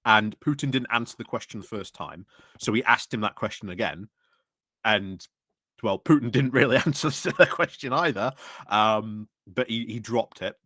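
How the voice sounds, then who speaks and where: A man's voice: on the low side, normal speed, sharp tone, no room sound, clean studio sound. A man in casual political chat on a podcast, rambling with many fillers and restarts. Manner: rambling, frequent fillers and restarts, laughs while talking. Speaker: podcast panelist.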